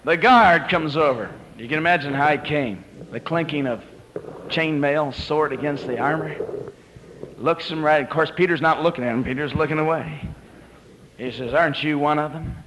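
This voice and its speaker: A man's voice: on the high side, normal speed, fairly bright tone, low-quality recording. Man preaching a dramatic sermon. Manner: dramatic storytelling, rising to emphatic peaks.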